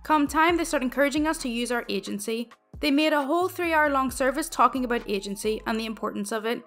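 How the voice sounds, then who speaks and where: A woman's voice: sits high, animated, fast, a bit bright, soft background music. A woman reading reddit stories aloud in a wry, conversational way. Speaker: reddit story narrator.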